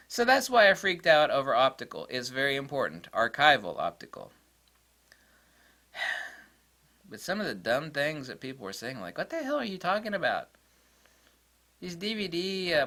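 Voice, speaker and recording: A man ranting to camera in a blunt, exasperated way as a tech vlogger. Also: sharp tone. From United States. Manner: mocks critics in high squeaky voices. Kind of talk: casual rant to camera.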